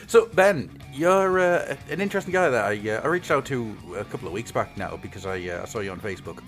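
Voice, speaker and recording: A man's voice: mid-range voice, animated, brisk, faint music behind. A man hosting a podcast in casual chat, joking, laughing often and rambling through restarts. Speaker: podcast host.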